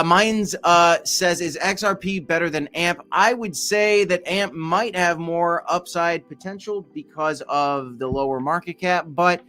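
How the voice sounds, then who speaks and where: A man's voice: on the high side, a bit bright. Chatty man hosting a crypto livestream. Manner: loose, joking, talks back to chat. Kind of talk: casual livestream chat reading viewer comments.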